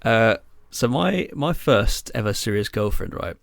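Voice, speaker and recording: A man's voice: on the low side, expressive, unhurried, vocal fry, no echo, studio quality. A young man co-hosting a podcast, telling stories in a rambling, casual way full of fillers and swearing. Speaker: podcast co-host. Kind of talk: casual chat.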